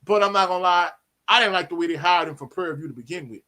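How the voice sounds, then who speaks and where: A man, hosting a casual live sports Q&A, animated and slangy, often tagging on "you know what I'm saying". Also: high-pitched, fast. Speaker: sports talk host.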